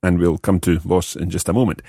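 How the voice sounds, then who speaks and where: A man hosting a podcast language lesson, explaining slowly and repeating example phrases. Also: low-pitched, steady tone, dark tone, breathy edge, no echo, studio quality. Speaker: language teacher host.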